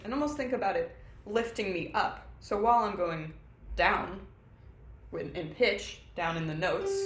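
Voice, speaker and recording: A young woman voice teacher giving an online singing lesson, explaining technique in an upbeat way and singing short warm-up demos. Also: on the low side, echoey room. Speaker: voice instructor.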